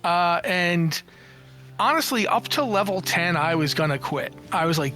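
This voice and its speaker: A man in his forties, a guest in an interview, telling stories in a casual, animated, jokey way, acting out quoted lines and often restarting his sentences. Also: sits high, unhurried, soft background music. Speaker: interview guest, games journalist and writer.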